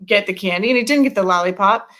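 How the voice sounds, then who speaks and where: A woman's voice: medium pitch, a bit bright. A middle-aged woman host chatting frankly about parenting, often restarting her sentences. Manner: frank, halting, with many restarts. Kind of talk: casual chat.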